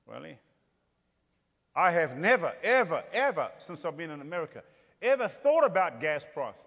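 A man's voice: fairly high pitch, big pitch swings, moderate pace, long pauses, fairly bright tone, breathy edge. A middle-aged man preaching with humour, telling stories and acting out the dialogue. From South Africa. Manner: playful, acts out dialogue, rhetorical "Hello?" asides. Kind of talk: humorous storytelling sermon. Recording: long hall reverb.

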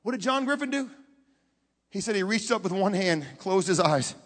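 A man preaching a sermon, telling a story with dramatic swings from hushed to loud and putting questions straight to the audience. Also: sits high, expressive, moderate pace. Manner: talks directly to the audience with questions. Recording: long hall reverb.

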